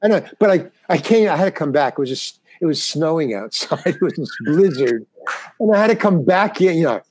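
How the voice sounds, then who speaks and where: A man's voice: a little high, lively intonation, fairly quick, a little mellow, breathy edge. Older man rambling through comedy stories. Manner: rambling, restarts, acts out quoted dialogue. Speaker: comedian guest. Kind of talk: casual storytelling interview.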